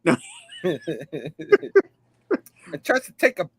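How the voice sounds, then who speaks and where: A man's voice: high-pitched, huge pitch swings, drawn-out words, creaky, breathy edge, no room sound. A man hosting a casual comic book review, retelling the story loosely, laughing often and dropping "you know what I mean" between lines. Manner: loosely acts out characters' lines. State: hot and sipping a drink. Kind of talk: casual comic recap, paraphrasing dialogue.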